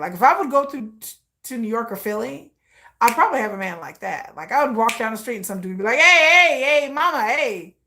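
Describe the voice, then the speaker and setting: Gravelly-voiced blunt woman. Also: medium pitch, slight background noise. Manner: blunt, profane, laughing asides. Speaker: vlogger. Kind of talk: candid personal storytelling.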